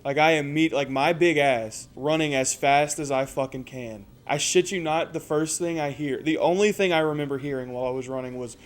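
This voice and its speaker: A man's voice: a little high, normal speed, hardly any pauses. A man in his twenties telling a casual, profane story with lots of energy. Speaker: storyteller host.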